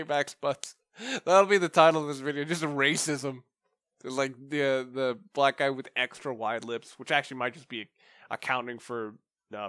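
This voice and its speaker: A young man giving let's play commentary, excitable and thinking out loud, swearing a lot. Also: medium pitch, no echo, clean studio sound.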